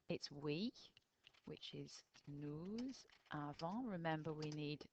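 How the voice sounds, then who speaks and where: A woman's voice: sits low, poor audio. An English woman teaching a recorded lesson, explaining step by step to pupils in a patient way. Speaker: French teacher.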